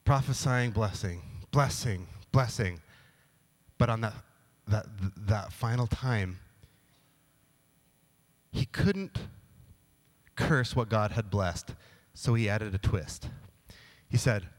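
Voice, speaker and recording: A man as a pastor, giving a casual, humorous sermon with playful storytelling and quick asides. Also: fairly low pitch, lively intonation, rough recording.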